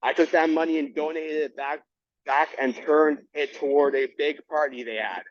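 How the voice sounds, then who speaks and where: A man reading a memoir aloud for a book club, stumbling and restarting words and saying the quote marks out loud. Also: fairly high pitch, steady tone, normal speed. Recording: dull lo-fi recording.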